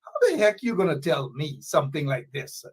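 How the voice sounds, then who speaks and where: Woman, husky voice, lively indignant talk. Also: low voice, a little fast. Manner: animated, indignant. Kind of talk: casual commentary.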